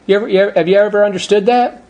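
Male pastor, slightly high pitch, emphatic sermon delivery with casual asides. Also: fairly even intonation, a little mellow. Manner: emphatic, conversational asides, slows words for stress.

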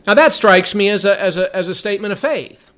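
High-voiced man teaching scripture. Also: animated, fairly quick, a bit bright. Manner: explains verse by verse, reading passages then commenting; repeats words while thinking. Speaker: Bible teacher.

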